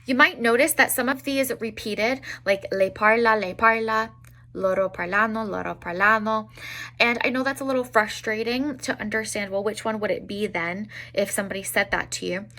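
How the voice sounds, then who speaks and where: A young woman teaching an online language lesson, spelling out examples slowly with frequent fillers. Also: medium pitch, sharp tone. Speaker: Italian teacher.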